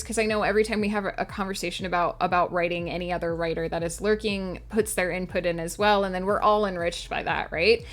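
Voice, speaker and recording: A woman's voice: medium pitch, a bit bright. A woman livestreaming as a writer, talking casually and earnestly to her chat from a home setup. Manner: earnest, reflective, talks to chat directly. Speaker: streamer and writer.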